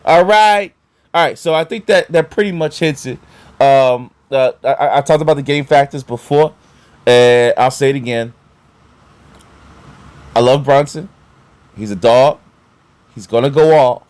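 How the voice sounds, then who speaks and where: A man chatting casually about basketball as a vlogger, animated and excitable, with lots of fillers and repeated words. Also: medium pitch, a little slow, long pauses, no room sound. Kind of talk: casual sports talk.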